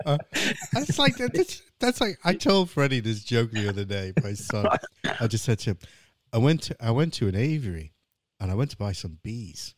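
A man's voice: medium pitch, sing-song, moderate pace, no room sound. A middle-aged man hosting a podcast, joking around and telling dad jokes in casual banter. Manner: jokey, tells dad jokes with voiced punchlines. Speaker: podcast host.

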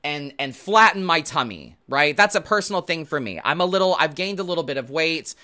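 A man's voice: on the high side, lively intonation, brisk, sharp tone. A man hosting a show, giving a casual, rambling tarot reading to viewers with the odd swear word. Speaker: host and tarot reader.

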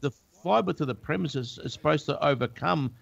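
Male co-host, husky, jokey storyteller, lo-fi sound. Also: a little high, normal speed. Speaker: podcast co-host. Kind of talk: casual chat.

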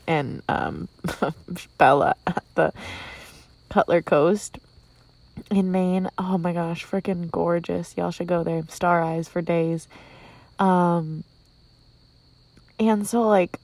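A young woman from Minnesota chats to her camera from inside a tent, rambling through a story with plenty of "like" and "um" and frequent giggles. Her voice has a gravelly, husky edge, and the sound is close and dry. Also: on the low side, darkish tone, no echo. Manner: chatty, giggly, lots of "like" and "um". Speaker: vlogger. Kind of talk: casual storytelling vlog. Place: inside a tent outdoors at night. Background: crickets.

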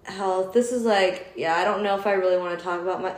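A woman's voice: mid-range voice, steady tone, fast. A young adult woman co-hosting a podcast in a giggly, chatty casual conversation. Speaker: podcast co-host. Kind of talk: casual chat. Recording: echoey room.

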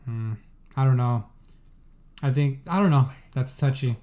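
A young man chatting casually as co-host, speaking in a measured, somewhat hesitant way with false starts. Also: mid-range voice, mellow. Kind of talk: casual chat.

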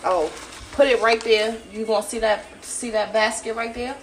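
A woman hosting a podcast from home in casual chat, blunt and profane, scolding loudly at times. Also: on the high side, fairly even intonation, moderate pace. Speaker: podcast host. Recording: noisy background.

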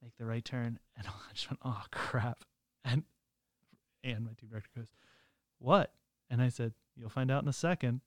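Man, casual storytelling, animated with laughs, dry close mic. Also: mid-range voice, a little fast, dry recording. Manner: animated, laughs while telling stories. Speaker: podcast co-host.

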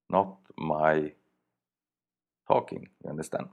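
A man with a Swedish accent, reading a story for his podcast in halting, plain English with many fillers. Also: extremely low pitch, gravelly.

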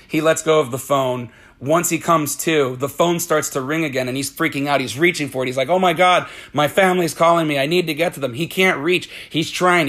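A man casually retelling a film's plot, excitable and swearing freely, acting out the characters' lines as he goes. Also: a little high. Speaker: movie recap host. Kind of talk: casual spoiler-filled movie recap.

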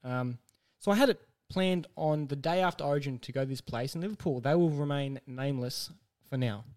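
A man co-hosting a casual podcast, telling a story with lively acted-out quotes and frequent laughter. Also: medium pitch, brisk. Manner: animated storyteller, acts out quotes, laughs often. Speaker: podcast co-host.

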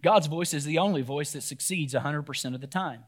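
A pastor preaching a sermon to his church, swinging between loud, animated outbursts and quiet, emphatic points. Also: on the high side, fairly quick.

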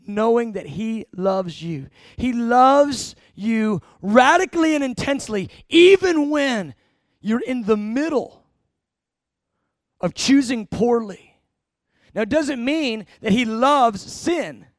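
Emphatic male preacher, very high voice, dry close sound, punchy questions to the room. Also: lively intonation, dry recording. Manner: emphatic, shifting between slow stressed phrases and rapid asides; asks the congregation questions. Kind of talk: sermon.

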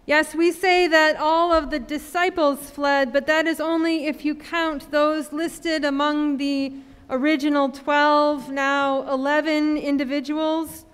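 A woman pastor preaching a sermon in a slow, measured way with long pauses. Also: high-pitched, flat delivery, in a large hall. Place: church sanctuary.

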